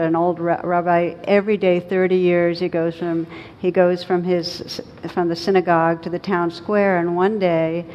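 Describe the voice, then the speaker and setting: A woman meditation teacher giving a dharma talk, telling stories and laughing at her own punchlines. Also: a little mellow. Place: large meditation hall. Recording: reverberant hall, muffled, faint rumble.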